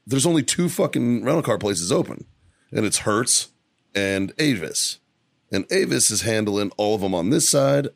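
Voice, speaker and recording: A man's voice: fairly low pitch, creaky, no echo. A man co-hosting a casual podcast, telling rambling, profane stories about his weekend from a studio. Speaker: podcast co-host. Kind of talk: casual storytelling chat.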